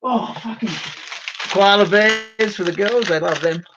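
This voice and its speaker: An Australian man chatting loudly and rowdily over a video call from his bedroom, swearing freely. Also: high voice, unhurried, lo-fi sound, background noise. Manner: loud, rowdy, swears freely. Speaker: show regular. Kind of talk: casual video call chat. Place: bedroom at home.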